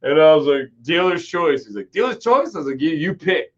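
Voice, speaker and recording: A man with a slightly high voice tells a long drinking story, swearing freely and circling back on himself. The audio is dull and lo-fi, like a cheap stream mic. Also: brisk. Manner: profane, rambling anecdote-telling. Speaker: host. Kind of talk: casual storytelling chat.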